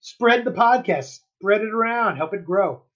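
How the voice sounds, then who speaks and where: A man's voice: high voice, animated, measured pace, fairly bright tone. A man co-hosting a podcast in casual chat, joking and rambling loosely with lots of fillers and swearing. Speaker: podcast co-host. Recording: dull lo-fi podcast audio.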